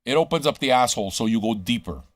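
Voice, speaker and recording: A man hosting a live radio stream delivers a crude, rambling monologue to his listeners and chat, swearing constantly and firing off rhetorical questions. His mid-range voice is lively and fast, with no room sound.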